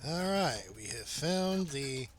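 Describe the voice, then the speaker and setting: A man streaming a fantasy online game, giving relaxed, casual commentary with dry asides and chuckles. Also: on the high side, takes it slowly, a little hiss or hum.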